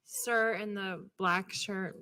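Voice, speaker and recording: A woman with a mid-range voice runs a school board meeting. She calls each speaker up in a brisk, businesslike way. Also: medium pitch, fairly even intonation, bright, forceful tone. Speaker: meeting chair calling speakers. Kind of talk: formal meeting procedure.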